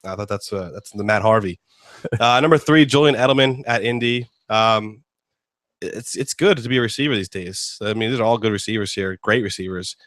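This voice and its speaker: A man's voice: lowish voice, fairly quick, a bit bright, dry recording, studio quality. A man hosting a casual sports talk show, rambling and joking with lots of fillers. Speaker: host.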